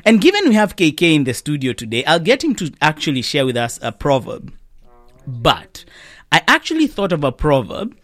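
A man's voice: fairly high pitch, huge pitch swings, moderate pace, fairly bright tone. A man hosting a community radio show, his talk conversational and broken by frequent laughter. The studio sound is dry, with almost no room echo. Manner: conversational, laughs often, fillers.

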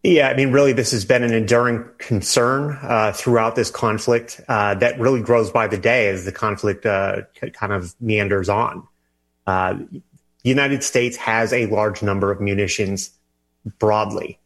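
Male reporter guest, low voice, halting with fillers and restarts. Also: steady tone, fairly bright tone. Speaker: national security reporter, interview guest. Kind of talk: news interview answers.

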